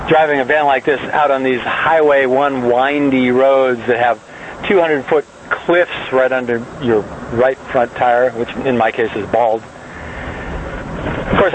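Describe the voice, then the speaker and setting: A man's voice: mid-range voice, lo-fi sound, background noise. A man in his fifties rambles through dry jokes and gripes, stopping often on "uh." His voice sits in an ordinary middle range, captured on a little handheld recorder while he drives and walks outside. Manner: dry, joking, full of uh fillers. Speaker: locksmith podcaster. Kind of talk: rambling comic monologue. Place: driving a van, then hiking outdoors. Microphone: small handheld digital voice recorder.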